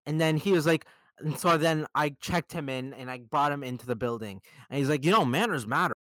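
A young man hosting a podcast, telling stories about bad customers in a casual, profane and animated way. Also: on the high side, brisk, dry recording. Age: young adult. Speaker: podcast host. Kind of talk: casual chat.

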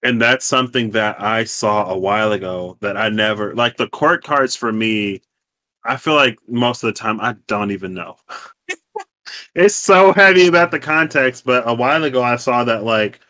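Male co-host, bright and dry-voiced, lively and playful in casual chat. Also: on the low side, normal speed, dry recording. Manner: animated, expressive, playful, with slang and laughs. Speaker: podcast co-host.

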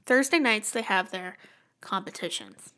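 A woman's voice: mid-range voice, unhurried. A young woman co-hosting a casual chat podcast, telling stories with lots of swearing and big, exaggerated reactions. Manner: profane, animated storytelling with exaggerated reactions. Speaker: podcast co-host.

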